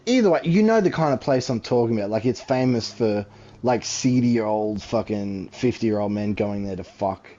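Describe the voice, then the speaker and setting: A man's voice: expressive, moderate pace, mellow, faint music behind. A young man swearing freely in casual chat while playing a game. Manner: crude, slangy, swears a lot. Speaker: gamer. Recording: dull low-fi home mic.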